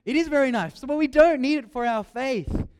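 A young man preaching a sermon, lively and joking, repeating his key phrases. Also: very high voice, brisk, clear, resonant tone.

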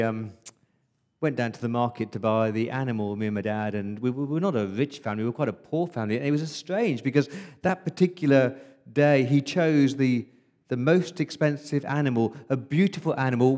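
A man preaching as an Israelite firstborn boy, telling the Passover night story in the first person, hushed in its dark moments. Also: medium pitch, a little fast, close to an everyday voice. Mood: wondering. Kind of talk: first-person dramatic monologue in a sermon.

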